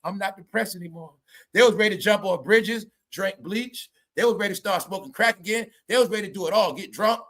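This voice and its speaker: A man's voice: high voice, brisk, fairly bright tone. A man giving casual, comedic commentary as a vlogger, rambling, swearing, laughing and stammering as he talks.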